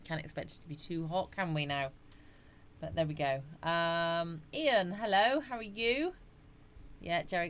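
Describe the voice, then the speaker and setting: A woman's voice: medium pitch, unhurried, slight background noise. A middle-aged woman hosting a casual live chat stream from home, greeting viewers by name and reading their comments out. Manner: chatty, greets viewers by name, frequent yawns and laughs. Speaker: livestream host.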